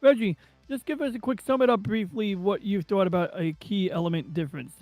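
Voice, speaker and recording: A man's voice: sits high, a little fast, darkish tone, no room sound, faint music behind. A man on a voice call in a casual book chat, hesitant and apologetic.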